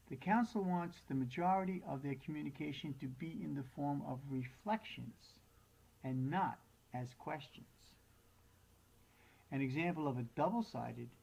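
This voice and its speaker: A man reading scripted lesson narration, measured and reading the definitions aloud. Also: a little high, vocal fry, a little mellow, husky, low-quality recording.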